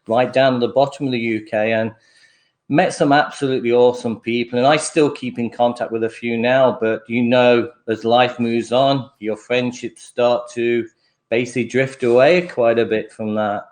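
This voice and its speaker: A man's voice: medium pitch, steady tone, normal speed, a little mellow. An older man telling casual stories on a livestream chat, chatty and laughing easily. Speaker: livestream host.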